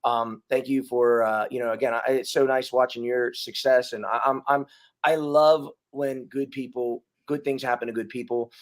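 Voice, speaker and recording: A man's voice: medium pitch, steady tone, normal speed. An American man guesting on a podcast, talking loosely and repeating himself as he rambles. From United States. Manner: rambling, stammering, laid-back. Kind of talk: casual podcast chat.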